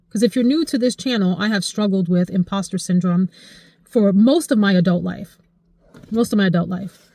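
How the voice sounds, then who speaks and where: A woman in her forties chatting casually to camera about her life, expressive and emotional, her voice jumping high when she gets excited. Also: moderate pace, dry recording, studio quality. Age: 40s. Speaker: vlogger.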